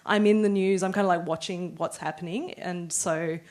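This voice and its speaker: A woman's voice: lowish voice, fairly even intonation, normal speed, darkish tone. A woman cartoonist on a discussion panel, talking casually and reflectively with many fillers.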